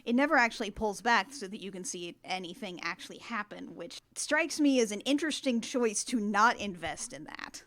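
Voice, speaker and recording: A woman's voice: medium pitch, animated, normal speed, few pauses, a bit bright. A woman co-hosting a podcast, chatting casually and laughing often about a film. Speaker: podcast host. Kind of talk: casual movie-review chat.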